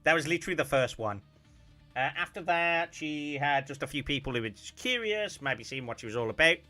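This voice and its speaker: A man chatting casually on a stream, telling a story with animated bursts of loud, laughing shouts. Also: on the high side, brisk, faint music behind.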